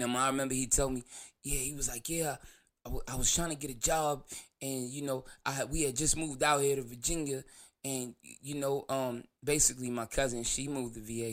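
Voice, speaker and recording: Male host, mid-pitched, loose rambling storyteller who laughs and swears freely. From New York. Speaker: show host. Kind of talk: casual storytelling monologue.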